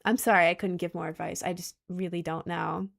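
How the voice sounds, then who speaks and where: A woman hosting a casual livestream and answering chat, gushing and playful, with squealing leaps in pitch. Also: fairly even intonation, a little fast, gravelly. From United States. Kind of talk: casual live-stream chat.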